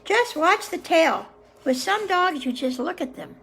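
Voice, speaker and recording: Slow, lively-voiced woman reading aloud. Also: very high-pitched. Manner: gentle, unhurried, pauses to muse on passages. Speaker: host reading a book aloud to viewers. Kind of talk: reading aloud with casual reflections.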